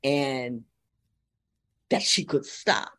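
Deep-voiced emphatic woman storyteller. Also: animated, a bit bright. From Columbus, Ohio. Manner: emphatic storyteller, drawn-out phrasing. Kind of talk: storytelling in casual interview.

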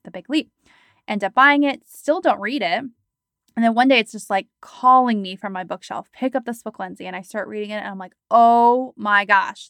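A woman in her thirties, a coach, talking in a chatty, animated podcast monologue full of fillers. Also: on the high side, no echo, studio quality.

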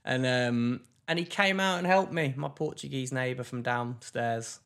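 A man, co-hosting a podcast and telling a story in casual chat, with lively bursts of exasperation. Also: mid-range voice, a little slow, creaky, smooth. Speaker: podcast co-host.

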